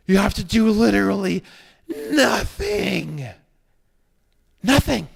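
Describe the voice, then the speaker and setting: A man teaching an online course in a heated, profane lecture, ranting and swinging between low mutters and loud emphatic bursts. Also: animated, moderate pace.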